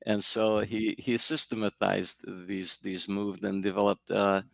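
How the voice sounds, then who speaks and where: A man with a very deep, gravelly voice answers interview questions. He tells his story in a reflective, meandering way. His voice sounds dry and close, with no room echo. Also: level tone, a little slow. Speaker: guest, energy healer.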